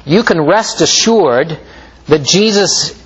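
Slow, lively-voiced male preacher. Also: husky, highs cut off. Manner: slow, measured preaching with lively pitch swings. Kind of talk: sermon.

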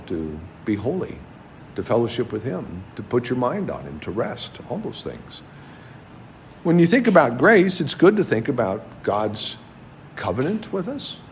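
A man preaches with a lively, swinging delivery, his pitch rising and falling across each phrase. His voice sits at an ordinary middle pitch for a man. He keeps putting questions to his listeners as he teaches. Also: a little hiss or hum. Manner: asks the audience many rhetorical questions. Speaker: preacher teaching a Bible class. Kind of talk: sermon.

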